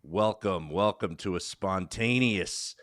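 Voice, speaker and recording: A very deep male voice with a forceful, bright edge. He rambles crudely through a live stream and swears at every turn. The sound is dry and close. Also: slow, no room sound. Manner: crude, rambling, swears constantly, drifts into a mumbled impression voice. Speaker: comedian streaming a live podcast.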